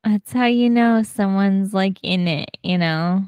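A woman co-hosting a podcast in casual chat, talkative and quick to laugh. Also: medium pitch, a little mellow, clean tone, no echo. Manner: chatty, laughs often, many fillers. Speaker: podcast co-host.

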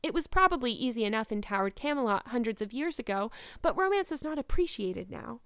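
A woman voicing an imaginative teenage girl, earnest and emphatic, sometimes quick and cold. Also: a little high, big pitch swings, fairly bright tone, clean tone, no room sound, clean studio sound.

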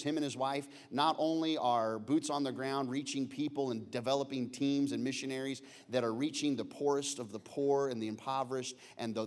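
A man, a pastor introducing a guest speaker to the church, halting with many fillers and restarts. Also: mid-range voice, a little mellow.

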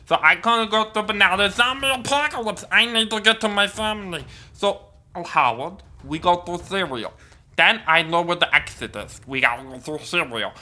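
A man's voice: fairly high pitch, sharp tone. A man voicing a panicky, nervous husband in improvised comedy role-play, stammering and rambling. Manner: stammering, rambling, restarts every phrase. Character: panicky nervous husband hiding at a grocery store.

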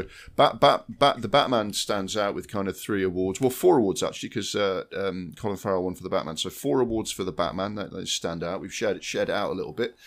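A man with a very low, deep voice co-hosts a film podcast. He talks casually and bluntly, swears freely and often restarts his sentences. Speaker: podcast co-host.

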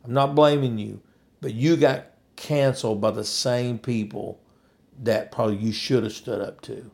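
A man's voice: fairly low pitch, fairly even intonation, normal speed, vocal fry, darkish tone. A man delivering an emphatic, preachy opinion monologue, hammering points with repetition.

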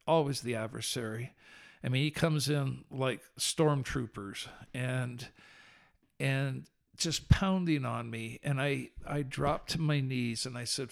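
A man telling an earnest personal faith story as a podcast guest, animated and shifting between slow solemn passages and quick telling. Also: medium pitch, creaky.

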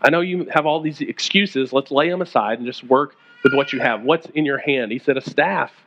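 A pastor preaching a conversational sermon, retelling stories and acting out the quoted voices. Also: male voice, mid-range voice, moderate pace, a bit bright, lo-fi sound, slight background noise.

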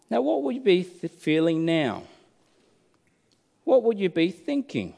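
Man, preacher, sermon, dramatic storytelling, rhetorical questions, fairly high voice. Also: huge pitch swings, measured pace, creaky, long pauses, warm tone. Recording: reverberant hall.

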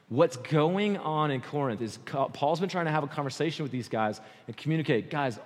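A man preaching a sermon as pastor in a conversational, animated way, often checking in with his listeners. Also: mid-range voice. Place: church sanctuary. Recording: long hall reverb.

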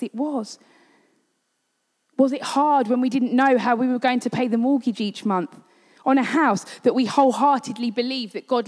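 A woman's voice: a little high, a little mellow. Earnest woman preaching in a hall. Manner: personal storytelling, earnest. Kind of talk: sermon. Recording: long hall reverb.

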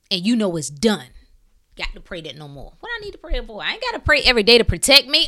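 A woman hosting a podcast, speaking in a blunt, preachy way with swearing and shifting between calm talk and fired-up bursts. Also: fairly high pitch, moderate pace. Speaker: podcast host. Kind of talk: impassioned spiritual talk.

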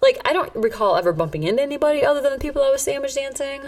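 A woman's voice: high-pitched, animated, very fast, a little mellow, recorded from a distance. Woman podcast co-host, brash and profane storyteller, a bit off-mic. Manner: brash storytelling, heavy swearing, lots of fillers. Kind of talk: casual chat.

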